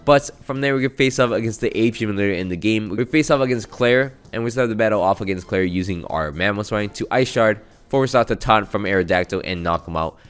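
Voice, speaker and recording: A man with a low voice recaps a video game run in a casual voice-over. He is chatty and self-mocking, rattling through each battle move. Soft music plays faintly behind him. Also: a little fast, hardly any pauses, clear, resonant tone. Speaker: gaming channel host. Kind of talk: casual gameplay recap commentary.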